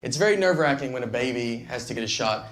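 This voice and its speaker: A man performing a stand-up comedy set, telling bewildered, deadpan stories and acting out quotes, with audience laughter between lines. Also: mid-range voice, fast. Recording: live audience laughter behind.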